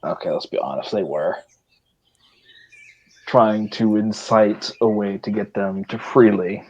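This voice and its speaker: A man's voice: fairly low pitch, unhurried, darkish tone. A man playing a tabletop role-playing game, speaking hesitantly and correcting himself. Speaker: player. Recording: dull lo-fi mic.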